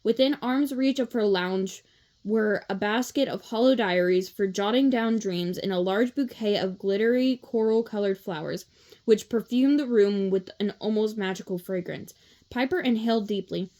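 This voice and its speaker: A woman reading a children's novel aloud as a read-along narrator, steady with small slips and self-corrections. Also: medium pitch, moderate pace.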